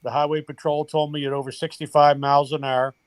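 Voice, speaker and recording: A man's voice: a little high, level tone, brisk, no room sound. An older man, a former baseball coach, earnestly telling a family story in a podcast interview. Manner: emotional, earnest storytelling with quoted dialogue. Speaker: guest, retired baseball coach.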